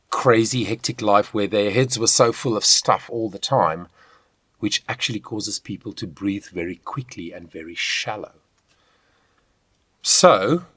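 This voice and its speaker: A man teaching a video voice lesson, talking straight to the viewer in an encouraging, animated way. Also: fairly low pitch, dry recording. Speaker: vocal coach.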